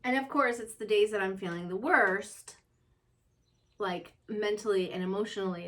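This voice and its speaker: Chatty young mom rambling to camera. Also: female voice, medium pitch, normal speed, fairly bright tone. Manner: chatty, rambling, many fillers. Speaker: vlogger. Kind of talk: casual chat to camera. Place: upstairs room at home.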